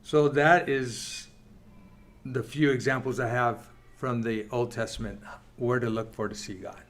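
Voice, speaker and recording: A man teaching a Bible class in church, reading scripture aloud and adding quick, earnest asides to the group. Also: mid-range voice, fairly even intonation, faint music behind. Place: church meeting room.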